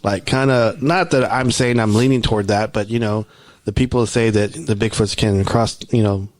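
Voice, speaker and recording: A man's voice: lowish voice, steady tone, normal speed, darkish tone, no room sound. A man with a Texan accent co-hosting a podcast, chatting casually and rambling with lots of fillers. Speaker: podcast co-host. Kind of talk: casual chat.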